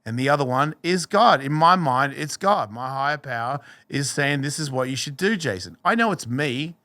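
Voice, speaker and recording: A middle-aged man, guesting on a podcast, tells a personal story with candor, cursing freely and performing the voices of the people in it. His voice sits at medium pitch and moves at a moderate pace, captured in a dry recording. He comes across as a profane, animated storyteller.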